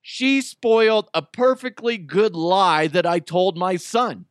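A man in his thirties hosting a podcast, telling a story in casual chat, animated and profane, with his voice jumping up in outbursts, on a close microphone. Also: high-pitched, slow pace, no echo. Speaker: podcast host. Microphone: close studio microphone.

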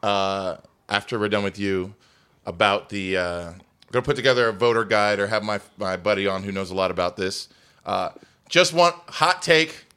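A man hosting a podcast, joking around in an animated, profane way. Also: lowish voice, normal speed, clean tone. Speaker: podcast host. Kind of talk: casual podcast chat.

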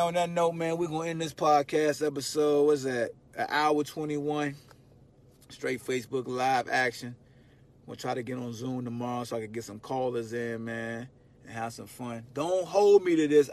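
A man hosting his own sports podcast in a loud, animated, slangy monologue, swearing freely and shouting for emphasis. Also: medium pitch. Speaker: podcast host. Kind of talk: casual sports talk monologue.

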